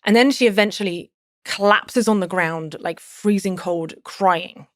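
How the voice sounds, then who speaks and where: A woman's voice: mid-range voice, unhurried, no echo, clean studio sound. A woman in her thirties, a podcast guest, telling a personal story in casual conversation, rambling with many fillers and restarts.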